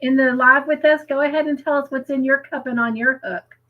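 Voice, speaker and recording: A woman with a high, steady voice talks briskly while co-hosting a crafting livestream. She chats casually, giggles often, reads viewer comments aloud and lingers on stories. The sound is phone-quality.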